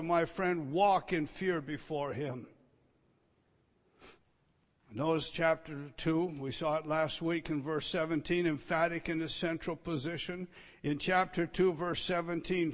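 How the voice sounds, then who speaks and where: A man preaching an expository sermon, emphatic, moving between loud declarations and quiet asides. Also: fairly high pitch, fairly even intonation, a little slow, big-room sound.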